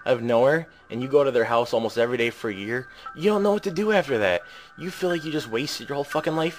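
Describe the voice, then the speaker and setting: A nineteen-year-old man in an angry, profane rant, breaking into shouts. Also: medium pitch, animated, fast talker, rough recording. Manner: furious, profane, bursts into shouting.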